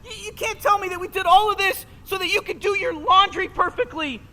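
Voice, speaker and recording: A man's voice: very high-pitched, fairly quick, sharp tone. A man voicing an anxious, stuttering teenage boy sidekick in a video game, repeating words as he protests. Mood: outraged. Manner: stammering, repeats words, exasperated. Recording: game audio with long reverb and faint noise.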